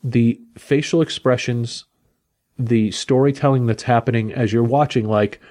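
A man's voice: mid-range voice, fairly even intonation, measured pace, a little mellow. A man casually reviewing a comic book, retelling the story with lots of fillers and restarts and briefly paraphrasing the characters in his own voice.

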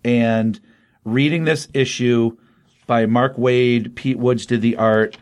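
A man's voice: mid-range voice, fairly even intonation, takes it slowly. Middle-aged guy on a podcast, medium voice, chatty, lots of ums while he retells stuff. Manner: conversational, chatty plot retelling with frequent fillers. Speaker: podcast co-host reviewing comics. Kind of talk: casual review chat.

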